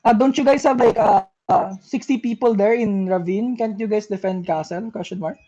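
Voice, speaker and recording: A woman's voice: mid-range voice, moderate pace, warm tone, dull audio. A young woman calling shots in game voice chat, repeating urgent commands with exasperation. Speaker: shotcaller.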